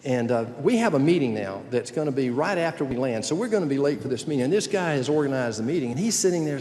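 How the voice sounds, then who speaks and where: A man's voice: medium pitch, lively intonation, fast, few pauses, a little mellow. A man in his sixties giving a political speech as a senator at a youth conference, telling folksy stories with jokes. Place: large conference hall. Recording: long hall reverb.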